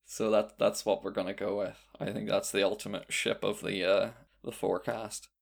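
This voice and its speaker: A man's voice: on the low side, flat delivery, unhurried, gravelly. A man hosting a podcast, chatting casually and playfully while reading out listener suggestions. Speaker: podcast host. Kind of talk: casual chat.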